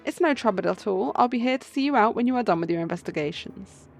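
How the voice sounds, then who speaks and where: A woman's voice: medium pitch, expressive, quick pace, gravelly, soft background music. A gracious, formal baron welcoming visitors to his manor in a game, read out by a woman. He speaks with stiff, polite courtesy. Game playthrough read-aloud.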